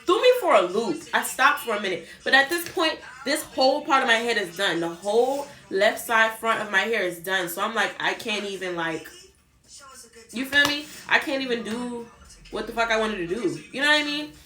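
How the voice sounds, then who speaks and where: A young woman telling a storytime on her vlog in a chatty, animated way, swearing and talking straight to her viewers. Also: a little high, normal speed. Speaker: vlogger. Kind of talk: casual storytime chat. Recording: roomy echo, faint background music.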